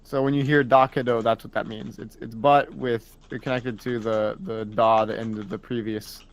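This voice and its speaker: A man's voice: medium pitch, little pitch movement, normal speed. A man on a live stream patiently explaining Japanese words and grammar in casual chat.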